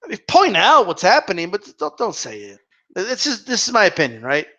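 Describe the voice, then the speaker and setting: A man's voice: sits high, huge pitch swings, fairly quick, bright, forceful tone, dull audio. A man hosting a live Q&A stream, chatting casually in a rambling way and swearing freely. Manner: rambling and profane.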